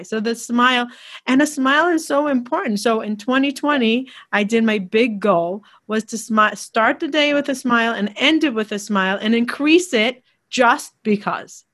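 A woman's voice: fairly high pitch, normal speed, fairly bright tone. Chatty woman interviewer. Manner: chatty and effusive, many restarts. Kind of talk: conversational interview.

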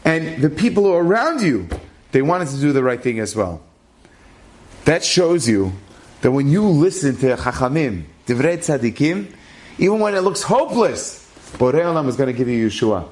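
A man telling a religious story aloud, acting out what the people in it say and lifting his voice at the tense turns. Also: moderate pace. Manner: animated, rises in pitch at dramatic moments; acts out characters' lines in his own voice.

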